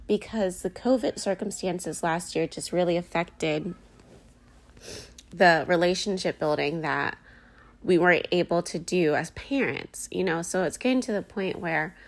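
Speaking unhurriedly in a voice on the low side, a woman in her thirties hosts a casual personal podcast. She's chatty, candid, and emotional, sprinkling in lots of "like" and "um."

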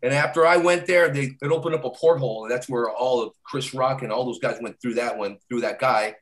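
A comedian guest with a mid-range, brisk voice tells rambling stories in casual conversation. He laughs as he talks and keeps tacking "right?" onto his lines.

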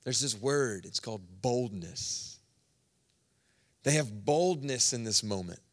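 A man preaching a sermon in a conversational, storytelling way, swinging between loud bursts and hushed asides. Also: mid-range voice, lively intonation, slow.

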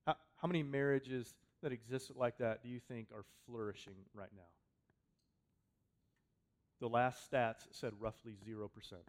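A man delivers a sermon to his congregation at a middle pitch. His preaching is conversational, and he drives points home by repeating phrases over and over. His volume rises and drops sharply from line to line. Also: steady tone, moderate pace. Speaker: pastor. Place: church hall with a congregation.

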